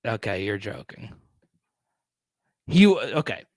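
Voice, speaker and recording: A man's voice: lowish voice, sing-song, takes it slowly, no echo. A man hosting a casual live stream, chatting and reading viewer comments aloud.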